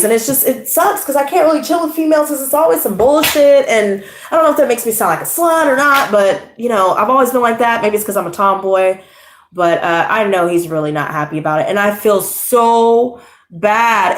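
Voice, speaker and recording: A young woman casually telling a personal story, rambling and swearing, with a lot of "you know" and "like". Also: medium pitch. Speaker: tarot channel host. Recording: echoey room.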